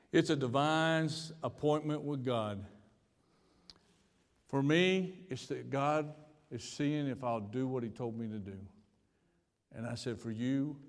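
American preacher in a reverberant hall. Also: male voice, mid-range voice, creaky. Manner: storytelling, repeats words, stammers on restarts. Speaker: pastor. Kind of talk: sermon with personal story. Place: church sanctuary.

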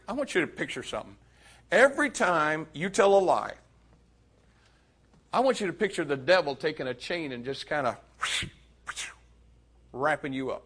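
Animated male preacher with a high, bright voice. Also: breathy edge. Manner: animated, addresses youth directly. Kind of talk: sermon.

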